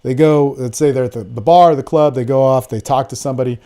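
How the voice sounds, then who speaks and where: A young man holds forth in a casual podcast monologue, rambling and blunt, with plenty of swearing. His voice sits in a dark, mellow register at an ordinary pitch. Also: quick pace. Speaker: podcast host.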